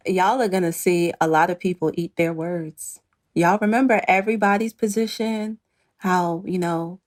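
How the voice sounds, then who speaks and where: A woman's voice: on the low side, measured pace, pauses often. A middle-aged woman, a reality show cast member, talking earnestly and pointedly in an interview, acting out what others said. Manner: earnest, pointed, quotes others in lively voices. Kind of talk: emotional interview talk.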